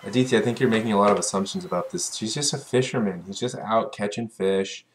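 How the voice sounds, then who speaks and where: A man, a teacher, chatting casually on a live stream and greeting viewers by name in a relaxed way. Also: fairly low pitch, fast, slight background noise.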